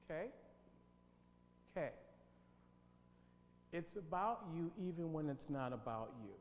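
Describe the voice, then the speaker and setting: Leading a team-building workshop in a church hall, this man speaks a little slowly in a sing-song voice that sits on the high side. He talks with emphasis and quizzes his audience, while long hall reverb and a faint hum fill the recording.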